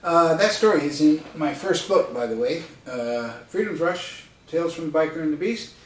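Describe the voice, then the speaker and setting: A man's voice: a little high, lively intonation, normal speed. A man from the United States telling a funny travel story in a casual, chatty way, laughing often and adding asides. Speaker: storyteller and author. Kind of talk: casual spoken anecdote. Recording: roomy sound from a distance.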